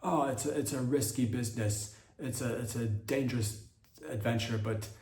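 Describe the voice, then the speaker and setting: A man's voice: medium pitch, moderate pace, a little mellow. A man hosting a comedy podcast, delivering a rambling, profane monologue and tripping over his words. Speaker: podcast host. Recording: roomy echo.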